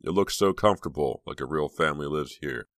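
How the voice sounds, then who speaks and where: A man's voice: a bass voice, brisk, dry recording, clean studio sound. A man voicing a polite, easygoing young man who jokes lightly. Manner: calm, polite, lightly joking.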